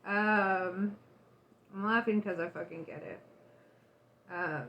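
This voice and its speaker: A woman's voice: mid-range voice, steady tone, slow, gravelly, muffled recording, background noise. A woman giving a casual tarot reading, candid and loose, swearing and laughing often. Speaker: tarot reader.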